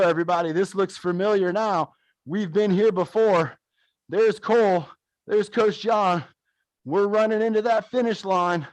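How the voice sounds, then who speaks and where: A man coaching viewers through a gentle follow-along workout while narrating footage of a race, upbeat and encouraging. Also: sits high, no echo. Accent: American. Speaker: fitness coach.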